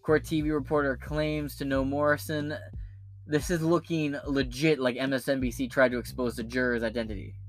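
A man hosting a casual political commentary show, ranting in a profane, animated way with many restarts. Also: mid-range voice, normal speed, faint music behind.

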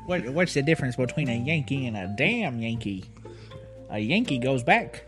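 A man's voice: mid-range voice, sing-song, normal speed. Jokey guy rambling on a podcast, keeps cutting himself off, music bed playing under him. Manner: rambling, jokey, self-interrupting. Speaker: podcast co-host. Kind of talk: casual banter.

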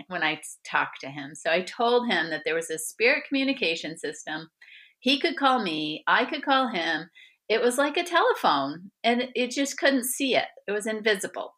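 A middle-aged woman telling personal stories as an interview guest, lively and often acting out the voices of others. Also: fairly low pitch. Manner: animated, acts out quoted voices, laughs often. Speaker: guest author. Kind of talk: conversational storytelling interview.

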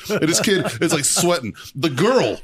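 A man co-hosting a podcast, telling a profane story in a casual, animated way and acting out the shouting in it. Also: fairly high pitch, moderate pace. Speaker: podcast co-host.

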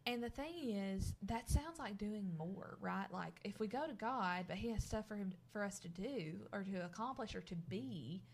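A woman talks about faith and purpose, addressing listeners directly. Her tone is earnest and encouraging, in a relaxed conversational style. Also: mid-range voice, normal speed, hardly any pauses. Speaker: podcast co-host. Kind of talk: casual faith talk.

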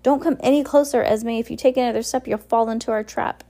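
A woman's voice: lowish voice, a little fast, a little mellow. A woman voicing a brave, earnest teenage boy in an audiobook, crying out urgently. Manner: urgent, pleading. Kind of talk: audiobook reading.

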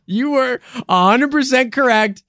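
On a casual conspiracy podcast, a male host with a very high voice tells stories in an animated, joking, profane way. He speaks unhurriedly, and the recording is dry with clean studio sound.

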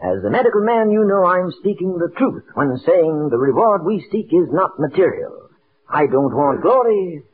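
An impressionist putting on a high, swooping, pompous surgeon who speaks in grand, flowery phrases about his noble calling. The sound is a tinny, narrow 1940s radio broadcast with a faint hum underneath. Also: sing-song, moderate pace. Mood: grandly earnest. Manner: pompous, flowery speech that drops into a plain aside. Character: suave, grandly sincere man posing as a visiting surgeon.

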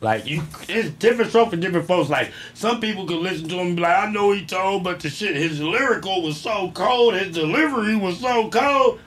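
A man trading loose banter on a podcast, with a bright, forceful voice and a lively, swinging delivery. He talks in street slang and bursts into loud shouts. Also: sits high, fairly quick, few pauses, slight background noise. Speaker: podcast co-host. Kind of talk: loose banter among friends.

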